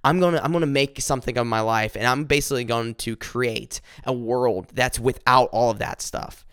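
A man's voice: mid-range voice, steady tone, moderate pace, fairly bright tone, clean tone, no echo, clean studio sound. A young man giving an earnest devotional talk, often repeating words and phrases for emphasis. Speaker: devotional speaker.

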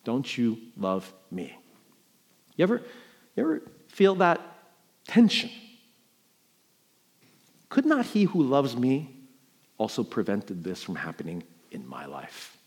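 Middle-aged male pastor from New York, preaching; mid-range voice, jumps from loud emphatic peaks to hushed lows. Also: very animated, a little slow, pauses often, breathy edge. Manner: emotional storytelling with sharp swings between loud emphasis and quiet. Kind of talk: sermon.

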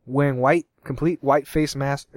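A man's voice: mid-range voice, fairly even intonation, normal speed, dry recording. A young man from Cincinnati chats casually as a podcast co-host, rambling and restarting his sentences. His voice sits mid-range and is recorded close and dry, with no room around it. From Cincinnati, USA. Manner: rambling, self-correcting, laughs often. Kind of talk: casual chat.

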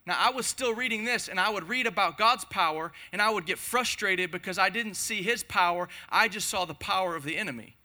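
A man's voice: high-pitched, a little fast, hardly any pauses, bright, forceful tone. A man preaching a passionate sermon to a congregation, speaking in emphatic, repeated phrases. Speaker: pastor. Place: church hall before a congregation.

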